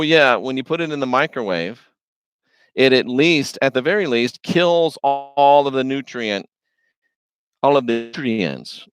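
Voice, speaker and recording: A man's voice: medium pitch, a bit bright, smooth, no echo. A man hosting a religious video, preaching in an informal, folksy and emphatic monologue. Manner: folksy, slangy, conversational; emphatic, repetitive.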